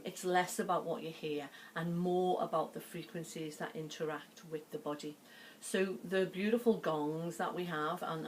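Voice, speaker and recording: Woman, Liverpool accent, low-pitched, gentle and chatty, sound healer talking to camera, faint hiss behind. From Liverpool, England. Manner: gentle, chatty, lots of fillers. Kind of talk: explanatory talk to camera.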